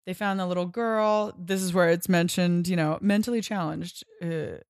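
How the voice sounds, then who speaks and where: A woman's voice: on the low side, fairly even intonation, moderate pace, darkish tone, dry recording, clean studio sound. A woman co-hosting a casual comic book podcast, swearing freely and acting out the characters' lines. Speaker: podcast co-host.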